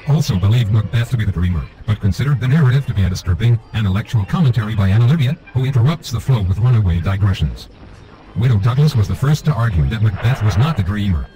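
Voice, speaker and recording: A man delivers a mock-academic narration at a fast clip. His voice sits low and he keeps a lecturing tone throughout. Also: mellow, low-quality recording.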